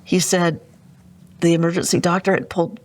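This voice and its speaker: A middle-aged woman speaks as a guest on an interview show, her voice sitting a little low. She tells a personal story in an earnest, vivid way. She often turns to address the host. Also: flat delivery, a little fast, darkish tone. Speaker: guest entrepreneur. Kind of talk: emotional storytelling.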